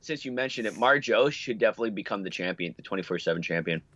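A man co-hosting a casual chat podcast, relaxed and musing. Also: fairly low pitch, fast talker, no room sound. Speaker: podcast co-host. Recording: dry, dull lo-fi call audio.

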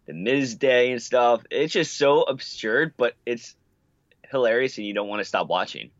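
A man co-hosting a casual chat podcast, relaxed and musing. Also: mid-range voice, normal speed, no echo. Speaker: podcast co-host. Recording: dry, dull lo-fi call audio.

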